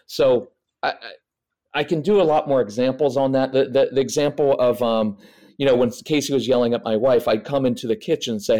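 Man giving lively parenting advice. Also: mid-range voice, a little fast. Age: middle-aged. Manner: practical, lively, acts out examples in voices. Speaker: parenting expert guest. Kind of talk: podcast interview.

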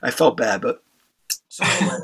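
A man's voice: normal speed, slight background noise. A man telling a wild story in casual, profanity-laced talk, full of restarts and acted-out voices. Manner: animated storyteller, stumbling restarts, acts out voices. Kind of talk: casual anecdote, heavy swearing.

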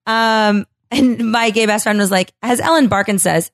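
A woman's voice: on the high side, moderate pace, no room sound. Blunt, sarcastic woman podcaster. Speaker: podcast host. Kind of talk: casual podcast chat.

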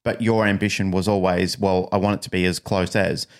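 A man co-hosting a casual podcast, telling stories in an animated, emphatic way. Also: low voice, fairly quick. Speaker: podcast co-host.

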